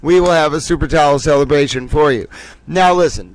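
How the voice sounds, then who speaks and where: Giggly high-voiced man hosting a stream. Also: fairly quick, no room sound. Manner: giggly, theatrical, often breaks into laughter. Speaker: livestream host. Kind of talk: casual livestream chat. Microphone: desk microphone.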